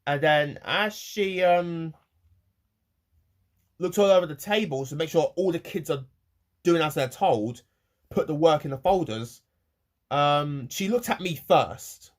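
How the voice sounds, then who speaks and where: A man ranting on a personal vlog to camera, rambling and halting with many restarts and repeated words, emotional and close to tears. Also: on the high side. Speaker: vlogger.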